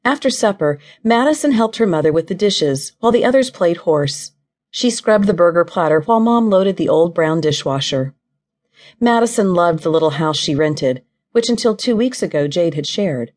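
A woman narrates an audiobook in a low, steady voice. Her storytelling is even and measured, carrying the scene along without hurry. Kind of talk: scripted narration of a novel.

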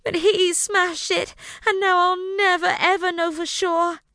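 A woman doing a shrill, wailing little princess. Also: little pitch movement, unhurried, sharp tone, dry recording, studio quality, exaggerated voice. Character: upset young princess girl, dramatic.

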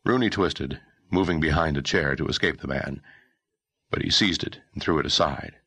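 A man narrating a historical novel audiobook in a measured, expressive storytelling manner. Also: extremely low pitch, breathy edge, no echo. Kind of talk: scripted narration.

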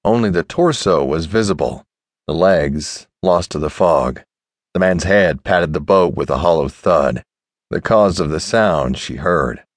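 A low-voiced man narrates an audiobook, reading scripted text in a measured, expressive way. The recording is dry, with clean studio sound.

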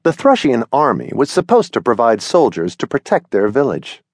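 Male storybook narrator, middle pitch, very animated reading, dry close recording. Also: moderate pace, no echo. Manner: expressive, storytelling. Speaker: audiobook narrator. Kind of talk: scripted children's story narration. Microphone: close studio mic.

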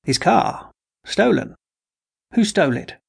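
Secretive old inventor-father, read by a man, severe and rasping; vintage sci-fi audiobook. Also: a little high, lively intonation, normal speed, a little mellow, heavily acted. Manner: severe, suspicious, groaning. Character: suspicious, secretive older male inventor, a father.

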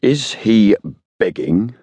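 A stolid police constable speaks bluntly, his words rumbling out deep and a little husky. A man voices him in an audiobook. The sound is dry and close. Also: expressive, moderate pace, darkish tone, no echo, full character voice. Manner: rumbling, blunt, rough grammar. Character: gruff stolid male London constable.

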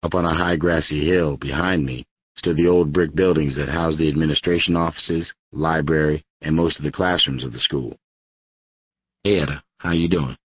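A man reading an audiobook in steady first-person narration on a studio microphone. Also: rumbling low, normal speed, husky, highs cut off. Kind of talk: scripted narration.

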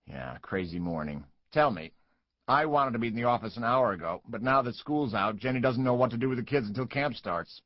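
A man doing a quick, chummy lawyer. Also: medium pitch, expressive, no room sound, dull audio, voice pushed up, close to an everyday voice. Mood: breezy. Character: chatty male lawyer, quick and breezy.

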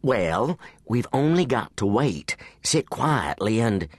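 A man voicing a calm, serious teenage boy spy leading a mission, in an audiobook. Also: medium pitch, takes it slowly, breathy edge, no room sound, full character voice. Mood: calm, dry. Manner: controlled and dry.

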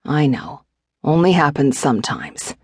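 Cocky, teasing husband. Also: male voice, fairly high pitch, sing-song, measured pace, breathy edge, dry recording, clean studio sound, exaggerated voice. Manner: teasing, confident, soft. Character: teasing devoted husband, cocky, adult man. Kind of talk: audiobook character voice.

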